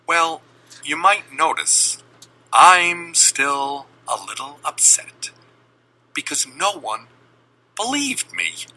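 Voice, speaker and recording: Slow, bright-voiced male storyteller. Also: a little high, big pitch swings, slightly rough, rough recording. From Boston. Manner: deliberate, dramatic pauses. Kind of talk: personal storytelling.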